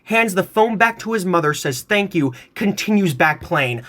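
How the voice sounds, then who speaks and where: A young man in his twenties spins a comic family story straight into his phone, his voice swooping up and down as he goes. The tone is bright and ringing, sitting a little high for a man. He plays every part with theatrical relish. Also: animated, normal speed, hardly any pauses. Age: 20s. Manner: playful, theatrical, acts out other people's voices. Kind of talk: animated storytelling to camera.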